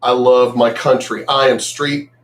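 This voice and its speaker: A man ranting bluntly on his vlog, cursing freely and swinging between loud outbursts and quieter asides. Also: medium pitch, steady tone, unhurried. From United States. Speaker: vlogger.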